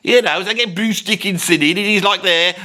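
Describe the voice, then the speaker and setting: A man's voice: high voice, fairly quick, pushed and bright. A man playing a grumpy Birmingham rock veteran in his sixties, with a Birmingham accent, rambling, swearing constantly and grumbling in a comic rant. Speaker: comedy character.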